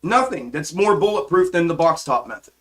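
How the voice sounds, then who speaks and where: A man with a fairly high voice rants on his live stream, swearing freely and circling back over the same points. His talk is passionate and exasperated, full of false starts and repeated phrases. He sounds like he is at a home desk mic. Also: very animated, brisk, a bit bright. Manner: profane, repetitive, frustrated ranting with frequent restarts. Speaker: stock trading live streamer. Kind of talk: impassioned ranting monologue.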